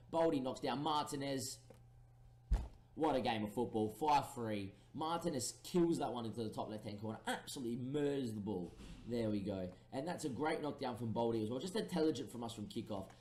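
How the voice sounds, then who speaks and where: A young man commentating live on a football management game, lively play-by-play with excited bursts and pleading. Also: medium pitch, roomy sound. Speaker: gaming commentator.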